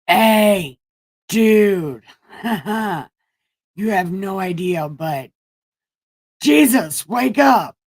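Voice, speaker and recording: A woman's voice: low-pitched, animated, extremely slow, a little mellow, exaggerated voice. A woman voicing panicking grown men in a comic Bible retelling, frantic and slangy. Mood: panicked. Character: panicking dude-bro disciples, adult men.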